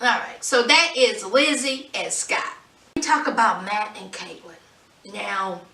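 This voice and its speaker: Sassy high-voiced woman, echoey room. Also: bright, forceful tone, recorded from a distance. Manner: sassy, exasperated, keeps calling viewers honey. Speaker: reality TV reviewer. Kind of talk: casual chat review.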